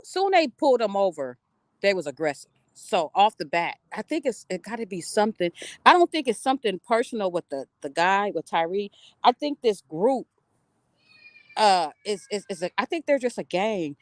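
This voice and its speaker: Animated, blunt woman livestreaming outdoors. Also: mid-range voice, normal speed, no echo. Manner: animated, emphatic, blunt and profane. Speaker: livestream host. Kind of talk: casual livestream storytelling. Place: outdoors near trees.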